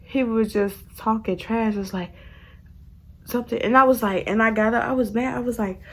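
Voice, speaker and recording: Husky-voiced young woman telling a story. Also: a little high, normal speed. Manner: animated, addresses viewers as "y'all", laughs mid-story. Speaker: vlogger. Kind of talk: casual storytime.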